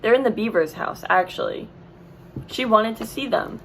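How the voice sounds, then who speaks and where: A woman's voice: a little high, expressive, moderate pace, vocal fry, a bit bright, a little hiss or hum, low-quality recording. A woman voicing a frightened young boy who pleads and stammers, in a read-aloud storybook. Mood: trembling.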